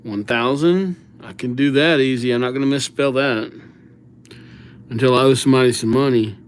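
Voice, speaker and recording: A man's voice: medium pitch, normal speed, clean tone. A man hosting a casual livestream, reading out viewer names while he writes them, in an easygoing way. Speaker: livestream host.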